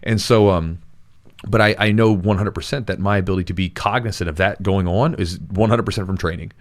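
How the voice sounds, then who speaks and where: Earnest rambling man, lowish voice. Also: a little fast. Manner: rambling, restarts often, earnest. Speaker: jiu-jitsu coach and podcast host. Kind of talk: casual podcast chat.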